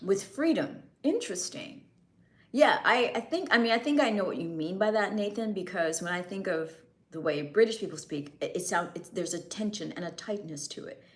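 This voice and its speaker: A woman's voice: medium pitch, normal speed. A woman host answering viewer questions in a casual, thoughtful chat, musing aloud with plenty of fillers.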